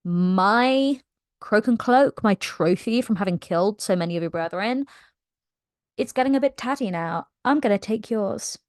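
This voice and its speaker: A woman's voice: medium pitch, lively intonation, normal speed, no room sound, close to an everyday voice. British woman doing a haughty young witch warrior, scornful, dry close sound.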